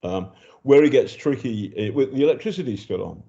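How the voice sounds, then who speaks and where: A man's voice: medium pitch, animated, a little fast, gravelly, dark tone, lo-fi sound. An older British man, a journalist reporting from a war zone, talking in a chatty, hesitant way with many ums and restarts. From Britain. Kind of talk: casual spoken report.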